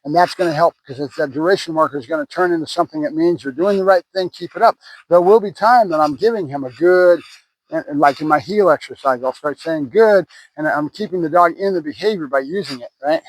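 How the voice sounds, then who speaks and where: A man's voice: a little high, a little fast, dry recording, poor audio. A man who trains dogs, talking casually to the camera outdoors between words of praise to a puppy. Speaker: dog trainer.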